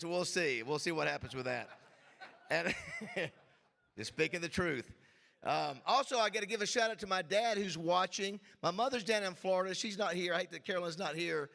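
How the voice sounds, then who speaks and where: Gravelly, hyped-up male emcee. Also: high voice, normal speed, pushed and bright. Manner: hyped crowd-rousing, emotional asides. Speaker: host. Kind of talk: emceeing a luncheon. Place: banquet hall.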